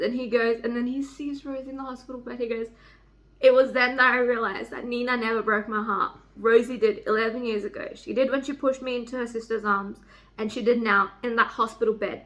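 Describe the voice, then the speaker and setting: A young woman with a high, sharp, bright voice, gushing to camera as she reads and reacts. She jumps into squealing highs and swears freely, recorded on a simple camera mic at home. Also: steady tone, fairly quick. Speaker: book vlogger. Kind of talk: emotional reading vlog, reading passages aloud. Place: home, near a microwave.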